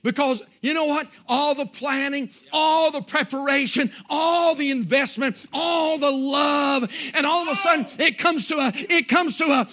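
Man, preacher, very high voice, bright and forceful, impassioned sermon, swings from shouting to hushed. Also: a little slow, hardly any pauses. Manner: shouting, impassioned preaching with sudden drops to quiet. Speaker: pastor.

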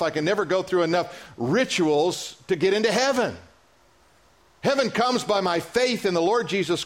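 A high-pitched male pastor preaching in a church, his delivery animated and playful. He acts out little dialogues and drops into quieter, earnest stretches. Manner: animated preaching, acting out voices, joking with the congregation. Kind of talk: sermon.

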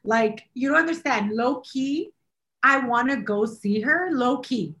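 Woman co-host, chatty and animated, laughs easily, higher pitched. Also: unhurried. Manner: animated, laughing, rambling with fillers. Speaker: podcast co-host. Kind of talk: casual chat.

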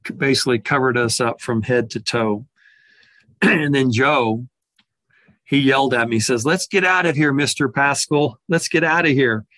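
Man, middle pitch, storyteller, reflective and halting, dry close sound. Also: a bit bright, no echo. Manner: reflective, with frequent restarts and repeated words. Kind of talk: personal storytelling.

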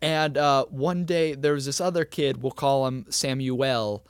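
A man's voice: medium pitch, a little slow, clear, resonant tone, dry recording, clean studio sound. A young man co-hosting a casual comedy podcast, cursing freely and acting out quotes as he tells stories. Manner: swearing, animated storyteller, acts out quotes. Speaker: podcast co-host.

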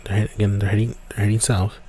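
A man's voice: fairly low pitch, flat delivery, fast, warm tone, breathy edge. A man hosting a podcast, telling a story casually with many fillers and restarts. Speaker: podcast host.

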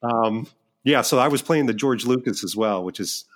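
A middle-aged man, a filmmaker guest in a casual interview, telling stories in an animated, self-deprecating way with many restarts. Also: mid-range voice, normal speed.

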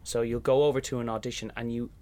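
Irish male stage actor, young, lively anecdotal interview talk, mid-range voice. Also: medium pitch, fast. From Ireland. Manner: chatty storyteller, acts out voices in anecdotes. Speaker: musical theatre actor, interview guest. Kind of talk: casual interview chat.

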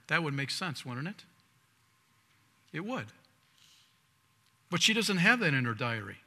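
Very animated yet a little slow, a male pastor preaches with frequent pauses in a bright, forceful voice pitched a little high for a man. His conversational sermon features restarted words and moves between loud emphatic lines and hushed asides. The audio has a long hall reverb.

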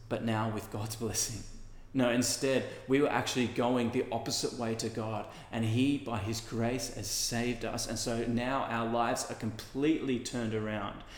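A male pastor preaching a sermon in an earnest, conversational way with casual asides. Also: mid-range voice. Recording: echoey hall with long reverb.

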